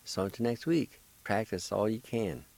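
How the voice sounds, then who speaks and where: A man's voice: on the low side, expressive, gravelly, darkish tone, no echo, poor audio. A man hosting a radio lesson, patiently spelling words out syllable by syllable and encouraging the listener. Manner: slow, patient, spells out syllables one at a time. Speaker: radio host teaching Cherokee.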